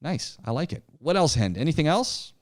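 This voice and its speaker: A man's voice: on the high side, big pitch swings, moderate pace. A man teaching a public speaking class, encouraging students and thinking aloud with many restarts. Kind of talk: interactive class discussion.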